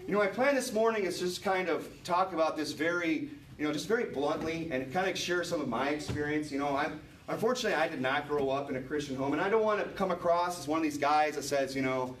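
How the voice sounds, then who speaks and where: A man's voice: fairly high pitch, fast, a bit bright, slight background noise. A male preacher delivering a sermon in an earnest, repetitive way that builds to emphatic points, with a congregation answering him. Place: church sanctuary. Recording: echoey room, mic at a distance. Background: congregation responding amen.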